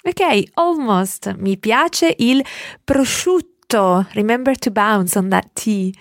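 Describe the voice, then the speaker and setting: Unhurried female tutor giving corrections. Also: medium pitch, expressive, no room sound, studio quality. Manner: gentle correcting, warm praise. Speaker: language tutor. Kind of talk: language lesson.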